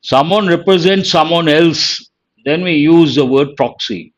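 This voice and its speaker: A man's voice: fairly high pitch, measured pace, highs cut off. A man teaching a live online vocabulary lesson, reading out words one at a time and praising students by name.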